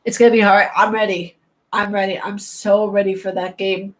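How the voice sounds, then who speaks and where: A woman's voice: medium pitch, little pitch movement, normal speed. A tired woman from New chats casually as a host. She rambles and often laughs as she talks. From New York. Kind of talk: casual chat.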